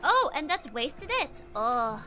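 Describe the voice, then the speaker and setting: A woman's voice: high-pitched, sing-song, slow, music in the background. A young woman streaming a game, giggly, casually reassuring herself as she plays. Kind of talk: casual gameplay commentary.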